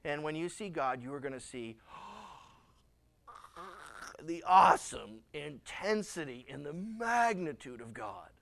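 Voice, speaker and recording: A male pastor preaching a sermon, acting out scenes in lively, dramatic voices. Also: fairly high pitch, slow, gravelly, long pauses. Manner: animated, acts out dialogue.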